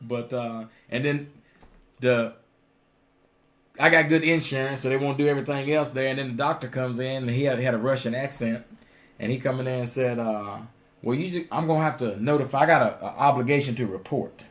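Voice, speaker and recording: A man's voice: mid-range voice, brisk. A middle-aged man telling a personal story on a religious radio show, plainspoken and chuckling now and then. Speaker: ministry member telling a story.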